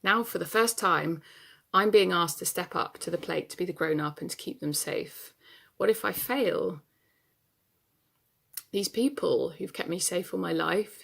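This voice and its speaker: In a theatre monologue, a woman plays an adult daughter worried about her aging parents, telling her story in a wry, confessional manner. Her voice is lowish and gravelly.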